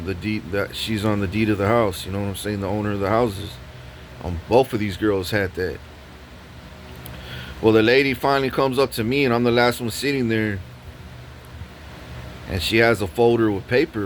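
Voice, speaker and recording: A man's voice: on the low side, slight background noise. A man vlogging a profane, rambling story, full of restarts and repeated words. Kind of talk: ranting story vlog.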